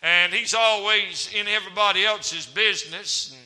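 Male evangelist, very high bright voice, folksy sermon delivery, church hall reverb. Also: moderate pace. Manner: folksy preaching with humor and rising emphasis. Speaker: evangelist preacher.

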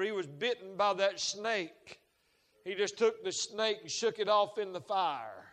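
A high, bright-voiced man preaches in a folksy storytelling manner that swells into shouted fervor. His voice rings out with a long hall reverb behind it. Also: animated, unhurried. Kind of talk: sermon.

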